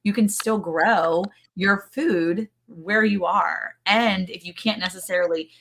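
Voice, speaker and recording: A woman hosting a casual livestream chat, telling stories in a chatty, animated way. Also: mid-range voice, measured pace, a little hiss or hum. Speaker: podcast host.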